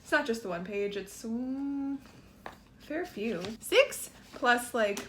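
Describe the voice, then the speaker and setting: A woman's voice: fairly high pitch, expressive, slow, background noise. A young woman vlogging about planning her novel at home, chatty and bubbly, with fillers and little laughs. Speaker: writing vlogger. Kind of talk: casual chat to camera. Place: home room with a guitar.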